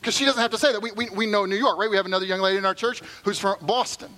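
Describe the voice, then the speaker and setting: A man's voice: high voice, fairly even intonation, very fast, sharp tone, rough recording. A middle-aged man preaching a sermon as pastor, conversational and joking, then earnest.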